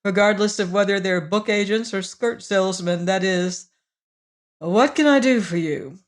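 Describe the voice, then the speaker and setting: A woman voicing a young male company heir in an audiobook, dry, curt and quiet. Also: mid-range voice, normal speed, close to an everyday voice. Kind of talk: audiobook character reading.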